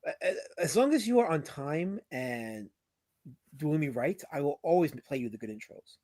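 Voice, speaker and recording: A man hosting a livestream, teasing his chat and guest in casual banter, swinging from loud outbursts to mumbled asides. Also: a little high, animated, normal speed, no echo. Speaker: livestream host.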